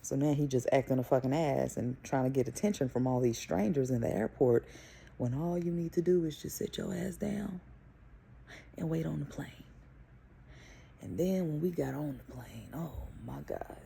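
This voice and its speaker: A young woman and mother telling a story to camera in a casual, animated, profane way. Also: extremely low pitch, normal speed, vocal fry, slight background noise. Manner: animated, profane, emphatic retelling. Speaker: vlogger and mother.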